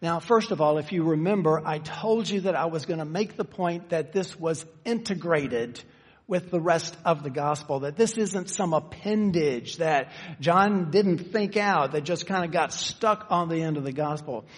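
A man preaching a sermon, teaching conversationally and shifting from slow, stressed phrases to quick asides. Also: a little high, husky. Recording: long reverb of a church hall.

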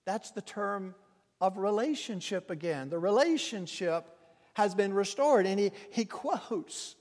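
A man preaching a sermon, swinging from hushed, slow lines to loud, impassioned crying out. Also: high-pitched, expressive. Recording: long reverb of a hall.

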